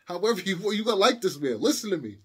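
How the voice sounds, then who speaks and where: A man's voice: sits high, very animated, quick pace, breathy edge. A young adult man giving a heated monologue to camera, impassioned and repetitive, lecturing his viewers. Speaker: video commentator.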